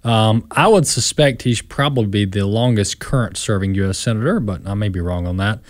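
A man's voice: on the low side, normal speed, dry recording. A man hosting a talk radio show, speaking in a conversational way with some fillers. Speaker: radio host.

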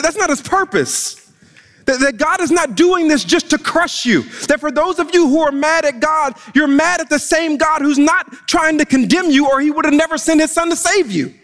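High-voiced preaching pastor in a reverberant hall. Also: male voice, fairly bright tone. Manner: emphatic preaching with stammered repeats. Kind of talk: sermon.

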